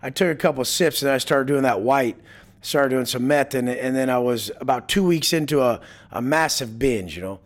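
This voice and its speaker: A man's voice: mid-range voice, moderate pace. A man as an interview guest, telling stories bluntly with heavy swearing and acting out quoted lines. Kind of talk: casual storytelling interview.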